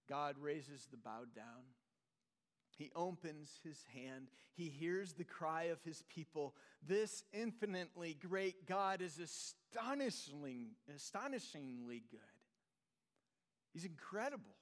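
A man preaching in a church, his slightly high voice ringing with a long hall reverb. He talks earnestly, repeats key phrases, and sinks into soft, low tones to drive a point home. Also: animated, slow pace. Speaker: pastor. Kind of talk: sermon.

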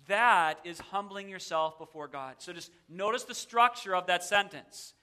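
A man's voice: high-pitched, animated, measured pace, pushed and bright, clear, resonant tone. A male pastor preaching a sermon in a church, emphatic and repeating a verse with shifting emphasis. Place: church sanctuary.

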